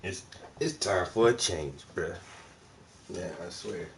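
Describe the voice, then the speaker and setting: A man's voice: low-pitched, animated, slow, gravelly, noisy background. A man ranting casually about his neighbors, slangy, profane and full of laughs. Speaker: vlogger, artist. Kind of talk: casual rant.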